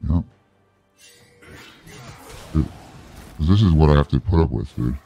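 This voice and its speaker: A man's voice: very deep voice, measured pace, creaky, warm tone, muffled recording, soft background music. A man streaming a video game, giving live commentary and ranting angrily and profanely at his teammates.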